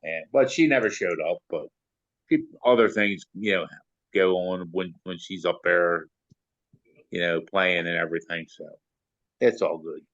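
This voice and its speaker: A man's voice: sits low, unhurried, a bit bright, no room sound, dull audio. An older man from Maryland, an interview guest telling long rambling stories packed with "you know" fillers. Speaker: interview guest, sound engineer. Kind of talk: casual storytelling.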